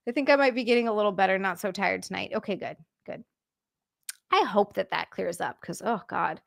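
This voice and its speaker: A woman's voice: mid-range voice, fairly quick, vocal fry, dry recording, studio quality. A young adult woman streaming from home, reading viewer comments aloud and chatting back casually with frequent swearing and sympathetic frustration. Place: home room, on a couch.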